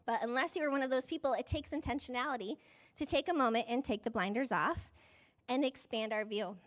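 High-voiced chatty woman preaching. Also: brisk. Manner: chatty and self-deprecating, with frequent "like"; laughs often mid-sentence. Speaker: pastor. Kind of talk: conversational sermon.

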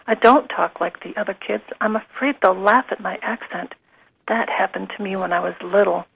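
A woman voicing a shy young schoolgirl in a soft storybook reading. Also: medium pitch, steady tone, moderate pace, creaky, husky, muffled recording, exaggerated voice.

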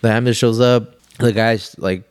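A man's voice: on the low side, steady tone, moderate pace, clear, resonant tone, no room sound, studio quality. A young man, a podcast guest, telling a story in a rambling, casual way, full of "like" and swearing. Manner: rambling, heavy use of "like", swears freely.

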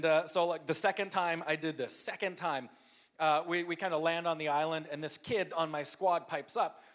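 Pastor guy telling a goofy story, high voice, bright and punchy, pokes fun at himself. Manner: upbeat, self-deprecating, animated impressions. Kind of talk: humorous storytelling sermon. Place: church service before a live audience.

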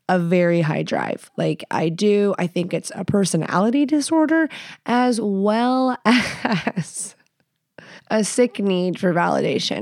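A woman in her thirties talks through a casual solo podcast episode in a fairly low voice. She is blunt, crude and quick to mock herself. The recording is dry and close, with no room sound. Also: darkish tone, no room sound. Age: 30s. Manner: candid, crude and self-mocking, with frequent swearing and "like". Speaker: podcast host.

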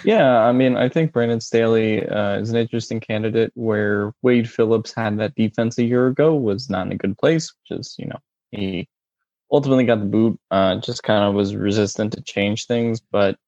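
A man co-hosting a casual sports podcast, talking in halting phrases full of fillers and restarts. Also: lowish voice, a little mellow, no echo. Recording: dull, muffled dry audio.

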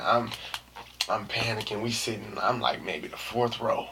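A young man telling a story to camera in a casual, slangy way, dropping to hushed asides and rising to shouts. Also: lowish voice, lively intonation, fairly quick, very noisy. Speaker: vlogger.

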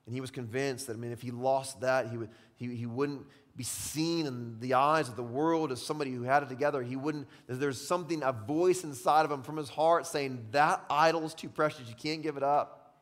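A man preaching a sermon as pastor, swinging from hushed, intimate questions to loud, impassioned exclamations. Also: mid-range voice, a little fast, few pauses. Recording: long reverb of a large hall.

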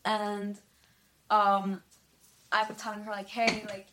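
A woman's voice: medium pitch, monotone, slow, background noise. A young woman, a podcast guest, chatting casually and telling stories, often filling with "like" and talking to listeners as "you guys". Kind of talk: casual chat.

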